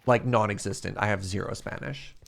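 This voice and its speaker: A man's voice: lowish voice, steady tone, brisk, creaky, fairly bright tone. A Canadian man from the prairies, streaming a game and chatting casually and playfully with his viewers, often joking at his own expense. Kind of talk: casual chat while playing a game.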